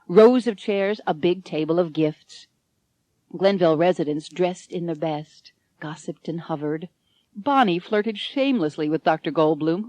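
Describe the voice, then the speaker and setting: A woman's voice: on the low side, darkish tone, no room sound. Woman narrating an audiobook, dry studio sound. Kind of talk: scripted narration.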